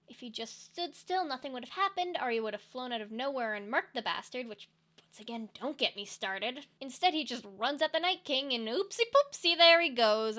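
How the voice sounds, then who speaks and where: A woman's voice: fairly high pitch, bright, forceful tone. A young woman giving sarcastic, ranting comedic commentary on films and TV. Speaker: video essay commentator.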